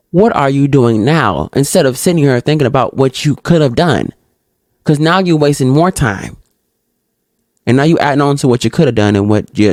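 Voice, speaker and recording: A woman alone at the podcast mic reads reflective prompts and tackles them in an outspoken, spirited way, speaking straight to her audience. She voices short back-and-forth dialogues in a higher register, with no room sound in the recording.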